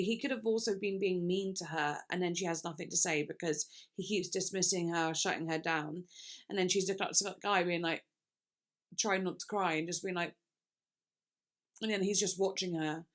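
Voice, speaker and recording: A woman's voice: on the low side, steady tone, moderate pace. Rambling young woman reacting to music. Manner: rambling, thinks aloud with many fillers. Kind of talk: casual reaction chat.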